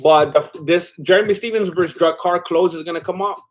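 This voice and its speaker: A man's voice: high-pitched, fairly quick, a little hiss or hum. A man hosting a casual live watch-along stream, reading viewer comments aloud while eating, chatty and a bit scattered, laughing often. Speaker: livestream host.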